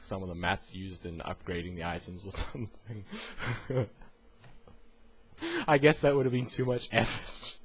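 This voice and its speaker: A man rambles through a casual gaming vlog with a slightly husky, breathy voice. He laughs often and keeps breaking into mocking put-on voices, telling his stories loosely and for fun. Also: fairly low pitch. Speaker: gaming vlogger.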